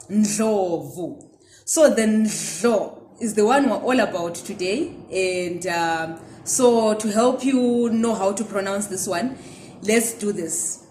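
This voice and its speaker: Woman language teacher from Zimbabwe, unhurried and encouraging, in an echoey room. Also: mid-range voice, a little mellow. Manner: drawn-out repetitions of sounds, friendly and encouraging. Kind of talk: slow, clear pronunciation lesson.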